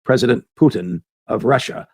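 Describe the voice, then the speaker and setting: Male commentary host, husky gravelly voice, dry close sound, emphatic and argumentative. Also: mid-range voice, moderate pace, a little mellow, dry recording. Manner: emphatic, with hammering rhetorical questions. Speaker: political commentary show host. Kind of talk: opinionated commentary monologue.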